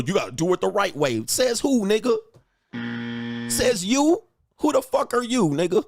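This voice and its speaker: Reading viewer comments aloud and mocking critics, a livestreaming man in his forties rants crudely and loudly, swearing freely. His voice is fairly high and creaky, captured in a dry, clean studio recording.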